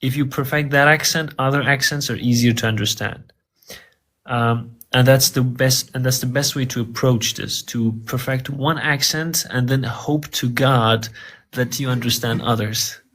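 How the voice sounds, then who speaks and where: A man's voice: medium pitch, steady tone, normal speed, fairly bright tone. A man answering interview questions about learning English, earnest and repeating words as he thinks.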